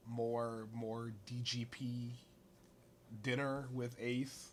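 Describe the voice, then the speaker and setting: A man's voice: mid-range voice, level tone, drawn-out words, slight background noise. A man hosting a chatty podcast with a mid-range voice that is still worn from being lost. He rambles and restarts his sentences often. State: recovering from lost voice. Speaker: podcast host. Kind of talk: casual chat.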